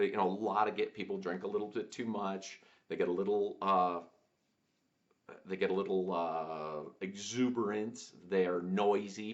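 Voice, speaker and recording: A man, a podcast host, telling a personal story in a reflective way, halting with many fillers and restarts. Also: deep voice. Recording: dull lo-fi sound.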